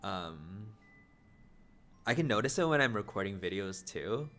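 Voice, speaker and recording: Fast-talking low-voiced male streamer. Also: big pitch swings, fairly bright tone. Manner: stutters and mumbles, repeats words. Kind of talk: casual live-stream chat with viewers.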